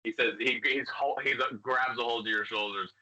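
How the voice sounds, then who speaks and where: A man's voice: medium pitch, fairly even intonation, moderate pace, pushed and bright. A young man narrating as game master of a tabletop game, loose and full of fillers. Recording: dull lo-fi home recording.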